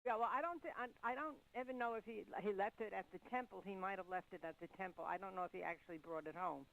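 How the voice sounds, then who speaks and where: A woman's voice: medium pitch, quick pace, vocal fry, rough recording. An older woman from Yonkers, New York, calling in to a radio show and telling a fond, hesitant story from her childhood. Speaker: caller. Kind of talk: phone-in reminiscing.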